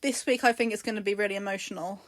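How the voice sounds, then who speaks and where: A woman's voice: medium pitch, fairly even intonation, racing, dry recording, studio quality. A woman co-hosting a casual chat, recounting things with frequent restarts and hesitations.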